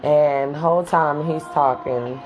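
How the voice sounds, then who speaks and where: Very deep-voiced woman telling a candid story. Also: steady tone, measured pace, music in the background. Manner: candid, blunt, swears freely. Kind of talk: casual storytime.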